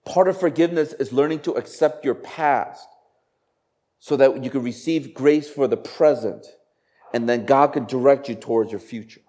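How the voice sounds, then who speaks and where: A man's voice: mid-range voice, normal speed, dark tone. A man preaching a sermon in a conversational style, asking the congregation rhetorical questions. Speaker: pastor.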